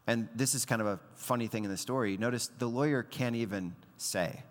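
Male pastor, conversational sermon delivery with acted-out asides, mid-pitched, recorded with hall reverb. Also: fairly quick. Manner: conversational preaching with acted-out quotes.

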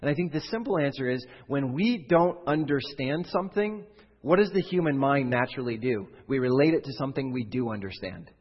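A man delivers a sermon in a relaxed, conversational way, explaining through rhetorical questions. His voice has a slight husk, and it sits at a middle pitch. The recording is a little dull and carries a long reverb from a church hall. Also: fairly quick, breathy edge. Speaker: pastor.

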